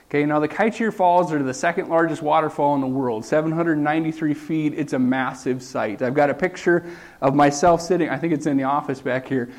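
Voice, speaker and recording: A man giving a church talk, telling a story while showing pictures, with a slightly high-pitched voice. He talks conversationally, checks in with "okay," and often restarts his sentences. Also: brisk.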